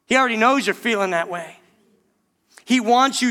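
A man's voice: extremely high pitch, moderate pace, bright, forceful tone. A male pastor giving an earnest, impassioned sermon, often calling the congregation "church".

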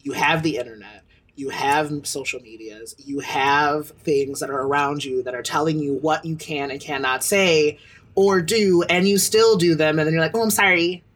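A man's voice: on the high side, moderate pace, fairly bright tone. A man co-hosting a podcast in casual chat, talking bluntly and heatedly and swearing freely. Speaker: podcast co-host.

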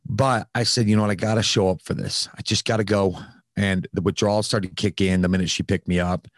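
A man's voice: sits low, fairly even intonation, a little fast, dry recording, clean studio sound. A man telling a candid personal story in casual conversation, with frequent fillers and some swearing. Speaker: podcast host, guest telling his recovery story.

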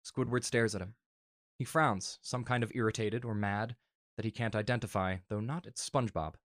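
Low-voiced man reading a story. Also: steady tone, moderate pace, a bit bright, no echo. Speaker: narrator. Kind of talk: fan fiction reading.

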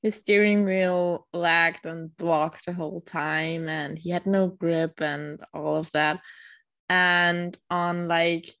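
A woman co-hosting a podcast in casual chat, unhurried with many fillers and casual swearing, close to the mic. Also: fairly low pitch, little pitch movement, creaky, fairly bright tone, no room sound, muffled recording. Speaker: podcast co-host.

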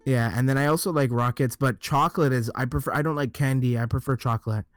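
A man's voice: mid-range voice, steady tone, quick pace, no echo, soft background music. A man co-hosting a podcast, chatting casually and often stalling while he searches for words. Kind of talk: casual chat.

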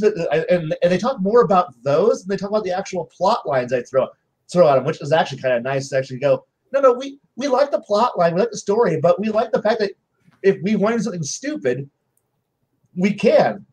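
A man on a game-master panel telling stories about his players in casual chat, acting out their lines in quick voices. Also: high-pitched, darkish tone, slightly rough, poor audio.

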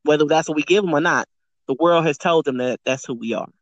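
A woman's voice: low voice, fast talker, no echo, lo-fi sound. Frank, emphatic woman with a dry voice. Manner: emphatic, acts out quoted speech; frank, swears casually. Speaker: guest, sex educator. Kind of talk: candid podcast conversation.

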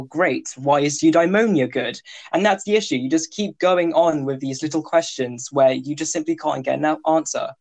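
A man's voice: medium pitch, a little mellow. A young man co-hosting a casual ethics discussion, joking lightly and using fillers as he explains.

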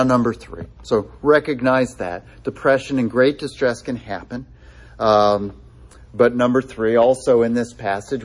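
A man's voice: medium pitch, a little mellow, husky. A man preaching a sermon in a conversational way, with frequent fillers and restarts, quoting scripture with feeling. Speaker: pastor.

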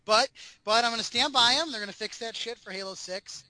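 A man joining a podcast as a guest over an online voice call, chatting casually with quick, apologetic asides. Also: very high voice, pushed and bright, no echo. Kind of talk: casual chat. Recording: noisy voice-call line with clicks.

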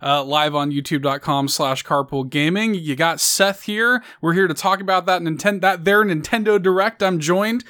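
A man hosting a casual live-stream chat, talking excitedly and rambling. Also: a little high, normal speed, hardly any pauses. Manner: excited, rambling, self-correcting. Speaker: podcast host.

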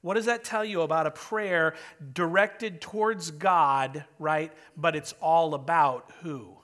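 A man preaching an informal, chatty sermon to his congregation as their pastor, joking and animated. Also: fairly high pitch, slow. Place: church sanctuary.

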